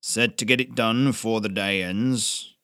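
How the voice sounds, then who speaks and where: A man doing a gruff, rasping old blacksmith. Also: lowish voice, steady tone, unhurried, sharp tone, dry recording, studio quality. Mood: stern. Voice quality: rasping, growling. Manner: clipped, curt commands. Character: gruff old male blacksmith, stern and blunt.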